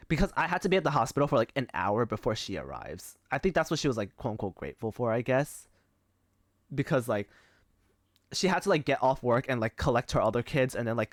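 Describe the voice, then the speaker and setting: A man's voice: medium pitch, no echo, clean studio sound. A young man streaming live, chatting casually and telling rambling stories packed with fillers and swearing. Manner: rambling, filler-heavy storytelling with frequent swearing.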